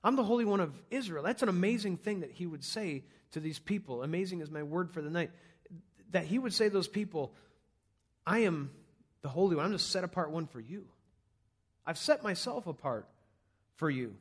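High-voiced male pastor preaching. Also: lively intonation, normal speed, long pauses, breathy edge. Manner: earnest, conversational preaching with numbered points. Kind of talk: sermon.

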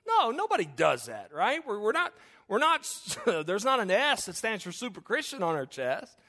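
Man, pastor, mid-life; folksy sermon, jokes and restarts, pitched high. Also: huge pitch swings, normal speed, sharp tone. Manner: folksy, joking asides, repeats himself.

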